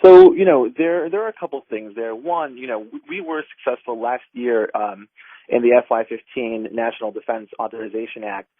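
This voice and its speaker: Speaking by telephone to a radio program, an advocacy group director answers in a medium-pitched, brisk voice. The line is tinny and there's no room sound. He's sincere, though he often restarts and fills gaps with filler words.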